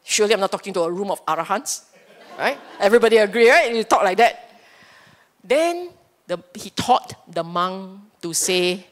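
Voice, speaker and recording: Woman, Singaporean English accent, Dhamma teacher, humorous, animated, acts out inner voices, mid-pitched voice. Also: normal speed. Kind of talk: Dhamma talk to a live audience. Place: Buddhist temple hall.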